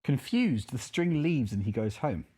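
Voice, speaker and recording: Brief: male podcast co-host, mid-pitched, tells jokes as stories. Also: expressive, a little slow, dark tone, husky. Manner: storytelling, puts on voices for characters.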